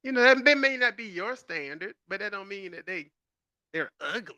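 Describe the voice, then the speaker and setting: A man co-hosts a chatty podcast, telling stories with plenty of laughter. His voice sits high and swings widely in pitch, with a very bright, forceful tone. The sound is dry and close. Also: normal speed, no room sound. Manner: laughs often, animated storytelling. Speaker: podcast co-host. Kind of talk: casual chat.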